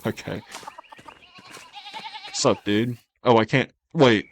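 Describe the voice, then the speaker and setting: A man's voice: lowish voice, unhurried, long pauses, slight background noise. A man streaming a video game, rambling and self-mocking in casual commentary, swearing now and then. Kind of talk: casual let's-play commentary.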